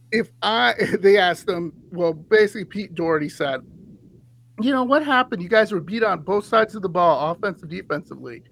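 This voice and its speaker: A man hosting a sports podcast, ranting in an animated, heated way and laughing often. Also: high-pitched, a little hiss or hum, poor audio. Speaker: podcast host.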